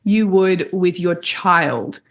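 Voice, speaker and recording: A woman dating coach talks a podcast host through a grounding exercise with a fairly low voice. Her delivery is calm and explanatory, and she lays out each step plainly. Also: slow. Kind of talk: casual podcast interview.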